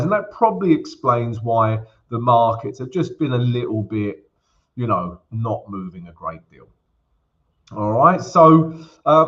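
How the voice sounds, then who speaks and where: A man's voice: mid-range voice, fairly bright tone, dull audio. A man hosting a live trading stream, chatting casually and greeting viewers by name with jokes. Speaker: forex trading livestream host. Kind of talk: casual livestream chat.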